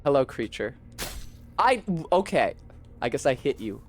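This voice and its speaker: A man's voice: medium pitch, sing-song, unhurried, a little hiss or hum. A young man streaming a game, chatting casually, swearing and correcting himself as he rambles. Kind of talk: casual gameplay commentary.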